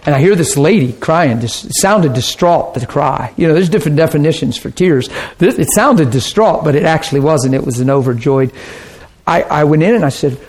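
Man pastor, informal teaching, animated storyteller, higher-pitched voice. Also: a little fast. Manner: storytelling, animated, laughs often.

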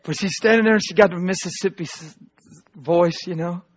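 High-pitched preacher man, fired up then real quiet, muffled lo-fi sound. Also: brisk, breathy edge. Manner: emphatic, swinging from loud proclamations to hushed asides. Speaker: pastor. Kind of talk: sermon.

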